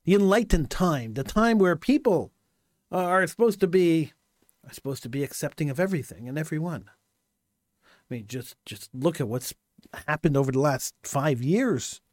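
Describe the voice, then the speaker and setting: A man's voice: on the high side, lively intonation, moderate pace, no room sound, clean studio sound. A man delivering an impassioned monologue commentary, hammering points home with repeated rhetorical questions.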